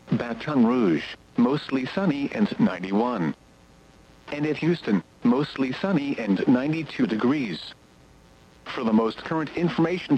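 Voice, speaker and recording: Numbers and forecasts come in a steady, mechanical recitation from a synthetic male voice on an automated weather radio broadcast. The voice is mid-range and slightly rough, captured in a low-quality recording.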